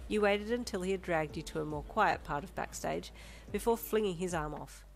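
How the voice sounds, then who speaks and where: Woman narrator for a fanfic audio story, low voice, faint background music. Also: moderate pace, creaky. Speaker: fan fiction narrator. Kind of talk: scripted second-person narration.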